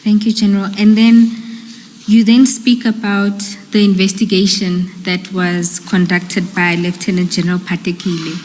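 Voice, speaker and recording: A woman's voice: medium pitch, little pitch movement, moderate pace, darkish tone, big-room sound, a little hiss or hum, low-quality recording. A woman, an evidence leader questioning a witness at an inquiry in a polite, procedural manner.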